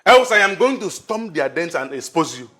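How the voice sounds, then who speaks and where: A man's voice: fairly high pitch, sing-song, normal speed, bright, forceful tone, soft background music. A firm, threatening young man. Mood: confrontational. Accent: Nigerian. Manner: firm, demanding.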